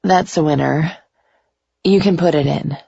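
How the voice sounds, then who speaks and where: A woman voicing a passionate young heroine who speaks in a breathy, teasing way. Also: deep voice, unhurried, dark tone, dry recording, heavily acted. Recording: slightly dull lo-fi recording.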